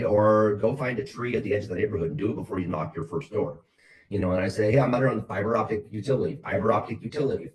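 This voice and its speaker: A man with a deep, low voice leads his sales team on a video call. He talks bluntly and motivationally and keeps hammering the same points. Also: darkish tone, low-quality recording.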